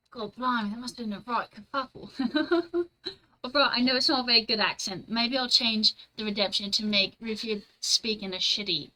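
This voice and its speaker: Bright, chatty young woman streamer. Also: medium pitch, low-quality recording. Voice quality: chatty and blunt, swears freely, laughs often. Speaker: streamer reading and answering live chat. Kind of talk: casual stream chat. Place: at home.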